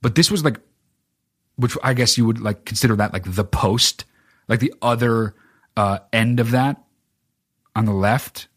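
A man's voice: medium pitch, unhurried, long pauses, breathy edge, no echo, studio quality. A man hosting a solo podcast, ranting casually about films in a profane, rambling way with lots of filler words. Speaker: podcast host. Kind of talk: casual solo film rant.

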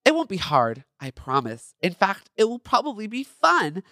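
A man's voice: high voice, wildly swooping pitch, normal speed, pushed and bright, dry recording, clean studio sound, pitched above the performer's own voice, exaggerated voice. A man reading a cheerful young actor. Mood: upbeat. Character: friendly young male actor, upbeat and easygoing. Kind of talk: reading fan fiction dialogue aloud.

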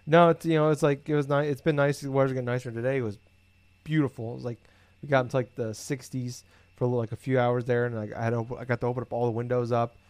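Casual male co-host, mid-pitch, profane and rambling, dry close sound. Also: no room sound. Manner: rambling, profane, animated storytelling. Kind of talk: casual chat.

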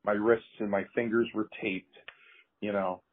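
A man telling wrestling stories in an interview, animated and repeating himself as he acts out what people said. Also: fairly low pitch, a little slow, husky. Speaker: former pro wrestler. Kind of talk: storytelling in an interview. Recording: tinny phone-line sound.

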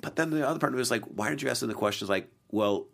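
A man's voice: mid-range voice, rapid-fire, creaky, a bit bright. A man co-hosting a casual chat show, teasing his partner and laughing often. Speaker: co-host.

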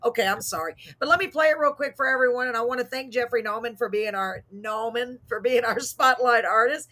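A woman hosting a casual live talk show, bubbly and quick to laugh. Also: on the high side, pushed and bright. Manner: bubbly, laughs easily, apologetic.

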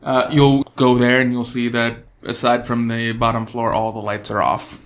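A man's voice: medium pitch, moderate pace. Man narrating as game master. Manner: descriptive, relaxed narration with fillers.

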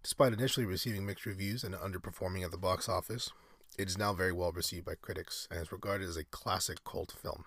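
Man, very low voice, husky, casual reading with digressions, dry sound. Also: fairly even intonation, fast, fairly bright tone, no room sound. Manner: rambling, digressive, self-correcting. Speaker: solo podcaster. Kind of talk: reading aloud with casual asides.

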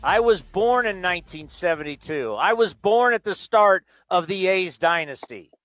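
A man's voice: sits high, expressive, normal speed, fairly bright tone, no room sound, faint music behind. A man in his fifties hosting a sports radio show, talking earnestly with emphatic repeats. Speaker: radio host. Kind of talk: casual radio chat.

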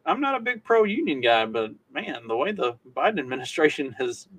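Male co-host, bright and forceful tone, wry sarcastic asides. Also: fairly high pitch, very animated, normal speed. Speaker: podcast co-host. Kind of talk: casual political chat.

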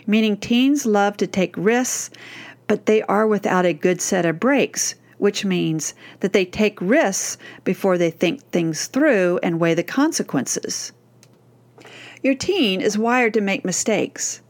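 Gentle woman coaching parents. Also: on the high side. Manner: gentle, reassuring, speaks directly to moms. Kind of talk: scripted advice talk.

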